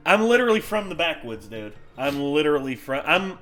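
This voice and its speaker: A man's voice: fairly high pitch, sing-song, brisk, fairly bright tone, faint music behind. A man with a Southern American accent, chatting casually as co-host in a laid-back, slangy way. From Bristol, Virginia, USA. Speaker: co-host reacting to videos. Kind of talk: casual chat.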